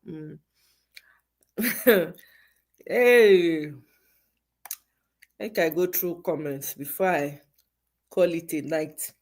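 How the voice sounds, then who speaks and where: A woman's voice: lowish voice, extremely slow, pauses often, a little mellow. A Nigerian woman hosting a casual livestream chat, slipping into Pidgin and laughing as she reads viewer comments. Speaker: livestream host.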